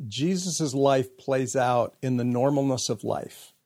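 A man's voice: medium pitch, a little slow, darkish tone, no room sound, clean studio sound. A man hosting a faith podcast, talking casually and reading listener emails aloud in a reflective, earnest way. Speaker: podcast host.

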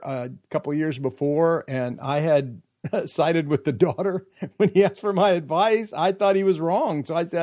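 High-voiced man telling a lively story. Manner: animated storyteller, acts out quotes, laughs often. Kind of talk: casual storytelling chat.

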